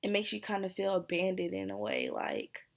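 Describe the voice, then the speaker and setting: A young adult woman from the United States talking candidly to her viewers in a personal vlog, pausing and sighing often. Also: on the low side, wildly swooping pitch, gravelly. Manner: emotional, candid, sighs and hesitates. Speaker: vlogger.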